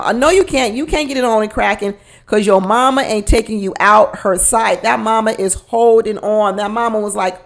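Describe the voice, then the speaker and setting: A woman's voice: on the high side, normal speed. A woman chatting through a casual recap of a reality show, gossipy and talkative, speaking straight to her listeners. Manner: chatty and gossipy, addresses listeners as y'all, laughs often.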